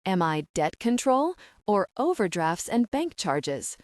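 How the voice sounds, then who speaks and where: A flustered young woman talks fast and eagerly about her money troubles, as a narrator voices her. Her pitch jumps around a lot, and the sound is dry and close. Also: big pitch swings, no room sound. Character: flustered, chatty young woman short on cash.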